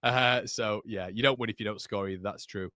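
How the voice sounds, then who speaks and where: A man's voice: fairly low pitch, steady tone, a little fast, bright, forceful tone, dry recording, studio quality. A young man hosting a live football watchalong, chatting about the match and reading out viewer comments, tired after a long stream, often repeating words. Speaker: football channel host.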